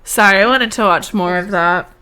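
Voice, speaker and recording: A woman's voice: mid-range voice, normal speed, bright, forceful tone, clean tone. Woman streamer, casual live chat, blunt and profane. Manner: blunt, swears freely. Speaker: streamer reacting to videos.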